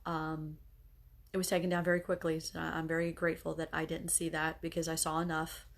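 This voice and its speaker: A middle-aged woman speaks straight to her audience in a lowish voice, tearful and halting. Her talk is earnest and pleading, pushing on through the tears. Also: completely flat delivery, gravelly. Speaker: bereaved mother addressing followers. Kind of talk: emotional direct-to-camera talk.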